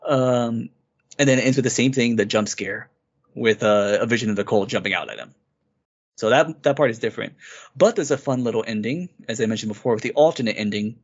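A podcast co-host with a mid-range voice talks fairly quickly, eagerly retelling a game's story in a rambling, casual game-review chat. The recording is dull and lo-fi.

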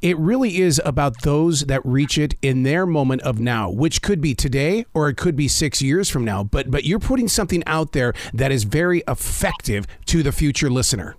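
A man's voice: on the high side, animated, normal speed, few pauses, no echo, clean studio sound. A man hosting a podcast who speaks in an upbeat, encouraging way. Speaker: podcast host. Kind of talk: casual interview.

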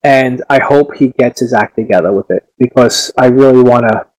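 A man's voice: mid-range voice, moderate pace, a little mellow, rough recording. Eager man chatting about games. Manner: enthusiastic, repeats himself. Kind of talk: casual gaming chat.

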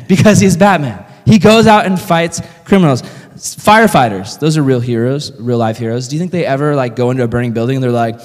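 Young guy youth pastor, kinda high voice, chatty animated sermon, big echoey hall. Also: normal speed. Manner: animated storytelling, heavy use of "like". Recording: long reverb of a hall.

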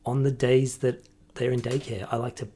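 A woman co-hosting a casual couple's podcast, tired and low-key, speaking in a measured way. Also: level tone, dark tone, breathy edge. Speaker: podcast co-host.

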